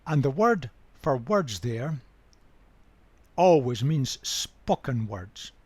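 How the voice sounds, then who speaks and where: An older man giving a Bible study talk, measured and emphatic, repeating key words for weight. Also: medium pitch, very animated, a little mellow, no room sound. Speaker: Bible teacher.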